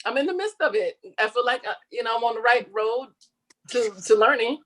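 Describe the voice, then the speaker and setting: A woman guest chatting in a casual interview, animated, laughing often and slipping into quoted voices. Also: a little high, fairly quick. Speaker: interview guest, comedian and online creator.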